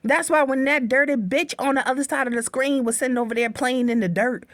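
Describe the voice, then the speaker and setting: A woman telling a story from her own life to her viewers, animated and profane, often calling them honey bunnies, speaking into a phone. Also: high voice, brisk, dry recording. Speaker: livestream host.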